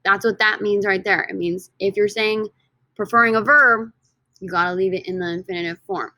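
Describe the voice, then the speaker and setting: Bright-voiced woman teaching a lesson. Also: mid-range voice, steady tone, moderate pace, dry recording, rough recording. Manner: upbeat, repeats words for students. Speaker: Spanish teacher. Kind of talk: recorded slideshow lesson.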